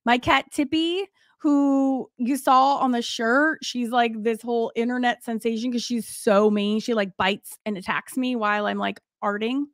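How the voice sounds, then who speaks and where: A woman's voice: a little high, fairly even intonation, normal speed, no room sound. A woman in her forties, an art teacher hosting a livestream, chatting casually with many fillers and laughs.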